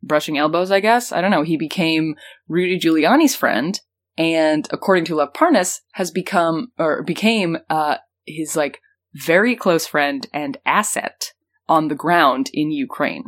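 A woman's voice: low voice, measured pace. A woman hosting a podcast, explaining news in casual, rambling chat full of fillers. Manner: rambling, lots of "um" and "like", laughs easily. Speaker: podcast host.

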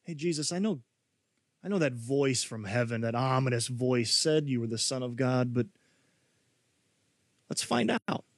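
A man's voice: mid-range voice, animated, unhurried, pauses often, dry recording, studio quality. A preacher voicing a crafty male Satan who goads and needles with sly questions. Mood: taunting.

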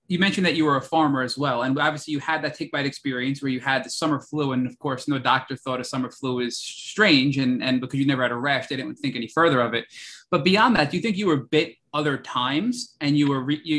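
A man's voice: mid-range voice, fairly bright tone. Male interview host, wordy recapping questions. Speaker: podcast host.

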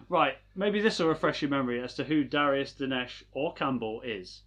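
A man's voice: mid-range voice, normal speed, a bit bright. Jokey man co-hosting a chat show. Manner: jokey, laughs often. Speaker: podcast co-host. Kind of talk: casual chat.

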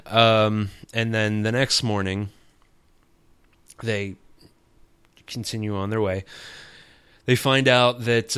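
A man with a fairly low, smooth voice rambles through a casual film recap with plenty of jokes. He tosses off quick paraphrased lines for the characters as he goes. The sound is dry and close to the mic. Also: fairly bright tone, dry recording. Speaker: podcast host recapping a film.

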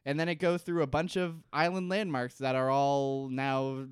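A man's voice: mid-range voice, little pitch movement, moderate pace, smooth, dry recording. A man co-hosting a podcast in a casual comedic chat, jokey and swearing freely. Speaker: podcast co-host.

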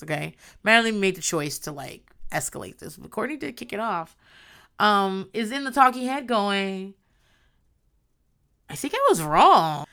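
A woman recapping a reality show in casual chat, loud and animated, swearing freely, laughing often and acting out quotes. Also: fairly high pitch, gravelly.

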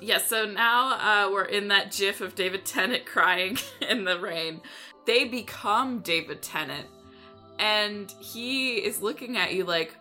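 Soft background music sits under a woman's sharp, mid-range voice as she meanders through a goofy tale on a relaxed podcast panel. She giggles along the way and briefly puts on different voices for the characters.

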